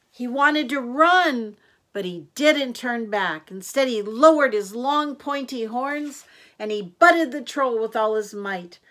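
Slow expressive grandmother reading stories. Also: a little high. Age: older. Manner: slow and expressive, hushing at the end. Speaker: storyteller. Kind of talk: reading children's picture books aloud.

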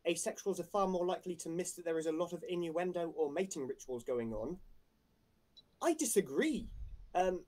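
A man speaking as a panelist in an online discussion, direct and measured, stating his views plainly. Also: fairly high pitch, a little mellow.

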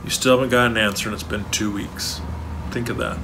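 A man's voice: fairly low pitch, fairly even intonation, fairly quick, noisy background. Earnest male pastor preaching. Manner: earnest, rising to emphatic preaching. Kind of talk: sermon. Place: church, online service.

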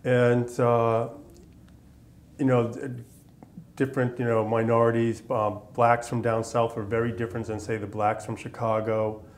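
A man's voice: medium pitch, flat delivery, measured pace. Brief: man in his 50s from Massachusetts, veteran interviewee, loose filler-heavy storytelling, faint background hiss. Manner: conversational, rambling with many fillers. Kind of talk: oral history interview.

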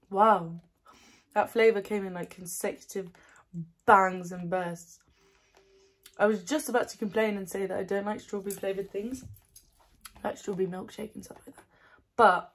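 A woman's voice: medium pitch, measured pace, pauses often, breathy edge. A woman chatting casually at home as she tastes snacks, bubbly and giggly, gushing and often laughing, not on her usual ASMR mic. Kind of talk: casual chat tasting snacks. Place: her new house, indoors.

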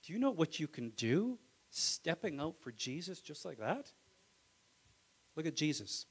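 Male pastor preaching in church, kinda high voice, goes loud then quiet, keeps asking amen?. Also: sing-song, a little slow, slightly rough, poor audio. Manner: swings from loud exclamations to hushed, intimate asides; calls out "Amen?" to the congregation. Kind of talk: live Sunday sermon. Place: church sanctuary.

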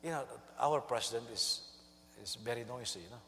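A male senior pastor preaching a sermon, animated and storytelling, who jumps into high voices to act out quotes. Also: a little fast, in a large hall, a little hiss or hum.

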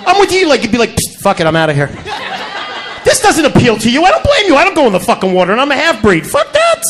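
A man's voice: very high-pitched, huge pitch swings, very fast, a bit bright. A male stand-up comedian from Connecticut, doing a crude, brash, profane routine on a comedy club stage.

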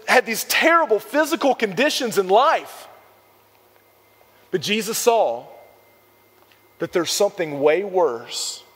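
A young man preaching a sermon to a youth group, energetic and emphatic, repeating phrases for effect. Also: sits high, long reverb tail. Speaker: youth pastor.

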